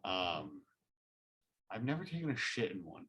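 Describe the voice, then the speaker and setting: A man with a very low voice co-hosting a casual podcast. He is laid-back and often chimes in with short, agreeing replies before adding his own bits. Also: sing-song, measured pace, sharp tone, slightly rough. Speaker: podcast co-host. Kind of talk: casual chat.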